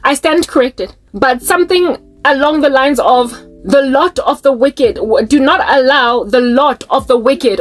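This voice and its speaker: A South African woman giving an emotional faith monologue, pleading and passionate, often restarting mid-sentence. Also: high-pitched. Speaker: Christian vlogger.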